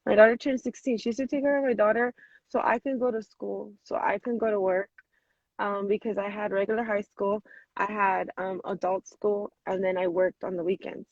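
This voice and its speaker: A woman in her thirties telling a personal story on a video call, animated and full of "like", acting out what people said. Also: mid-range voice, moderate pace, no echo. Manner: animated, many "like" fillers, acts out quotes. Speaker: guest. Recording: dull lo-fi video call audio.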